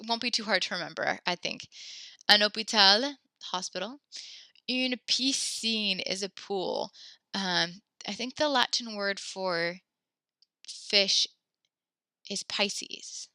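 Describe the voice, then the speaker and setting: Chatty woman teaching French, smooth bright voice. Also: mid-range voice, animated, moderate pace, dry recording. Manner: chatty, digressive, many fillers and self-corrections. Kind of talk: recorded classroom lesson.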